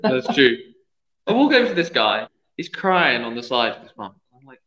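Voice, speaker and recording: A man's voice: medium pitch, sing-song, moderate pace, a crowd in the background. A young man, a youth football referee, telling a story in casual podcast chat and acting out the quoted voices. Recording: echoey room, dull lo-fi sound.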